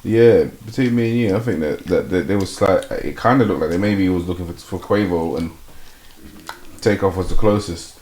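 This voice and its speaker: A man chatting casually as a podcast host, laughing loudly and going high when amused. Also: normal speed. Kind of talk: casual chat. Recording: echoey room with faint noise.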